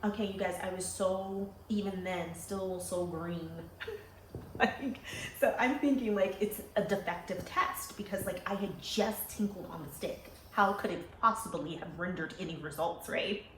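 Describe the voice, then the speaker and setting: A young adult woman telling a personal story in a lively, animated way. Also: medium pitch, a little slow, slight background noise. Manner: animated, laughing, acting out quoted voices. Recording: roomy echo with faint ambience.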